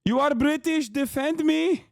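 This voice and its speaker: Guy doing a mock pundit, fake accent, broken grammar, higher than his normal voice. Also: a little slow, gravelly, dry recording, clean studio sound, exaggerated voice. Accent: put-on foreign accent. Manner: broken grammar, deadpan exaggeration. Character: mocking caricature of a male pundit.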